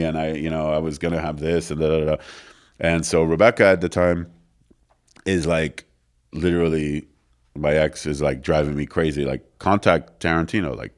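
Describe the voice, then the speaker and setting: A middle-aged man, telling stories as a guest in a studio interview, acting out the dialogue. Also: extremely low pitch. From France. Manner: animated storyteller, acts out quoted dialogue, many fillers. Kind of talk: casual storytelling interview. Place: recording studio.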